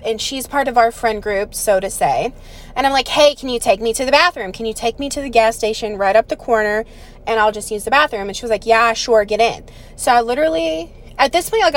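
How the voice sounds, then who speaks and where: A young woman with a slightly high voice tells a personal story straight to the camera. She rambles, fills her talk with "like," and swears freely as she gets worked up. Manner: rambling, animated, full of "like" and swearing. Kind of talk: casual storytime monologue.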